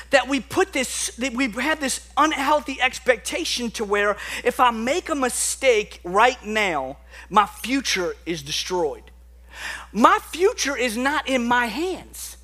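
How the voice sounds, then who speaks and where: Young male preacher, high bright voice, animated conversational delivery, church sermon. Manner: animated, conversational preaching with sudden drops to quiet intensity. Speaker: pastor. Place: church sanctuary.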